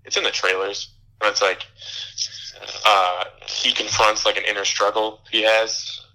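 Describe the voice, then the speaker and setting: A man's voice: lowish voice, little pitch movement, a little slow, bright, forceful tone, poor audio. A young man co-hosting a podcast, giving an angry, profane rant with laughs. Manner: ranting, profane, laughing through bits. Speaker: podcast host. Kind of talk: casual film review chat.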